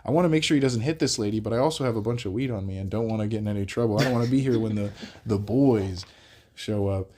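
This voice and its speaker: Lower-voiced young man telling a story. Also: fast talker. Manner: animated, laughs while telling, swears freely, acts out the people he quotes. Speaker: vlog host. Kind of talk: casual storytelling.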